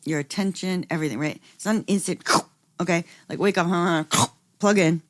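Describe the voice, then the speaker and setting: A woman co-hosting a podcast in casual chat, musing slowly and acting out inner voices. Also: fairly low pitch, no echo, studio quality. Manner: reflective, drawn-out musing with acted inner voices. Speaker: podcast co-host.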